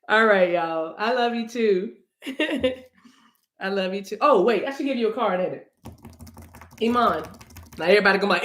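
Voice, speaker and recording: A woman with a mid-range voice reads cards on a livestream, talking casually and playfully to her viewers and now and then breaking into song. The sound is roomy.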